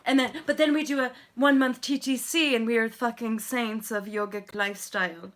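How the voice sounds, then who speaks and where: A woman's voice: a little high, steady tone, brisk. A woman in her thirties, a yoga teacher hosting a casual livestream, talking candidly, swearing freely and laughing often. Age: 30s. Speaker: yoga teacher and channel host.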